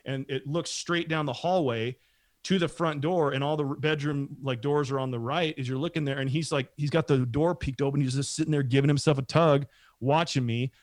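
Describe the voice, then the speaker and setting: A man's voice: on the high side, a little fast, dry recording. A middle-aged man telling a long story in a casual, rambling way, acting out what other people said. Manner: rambling, animated, acts out quoted voices.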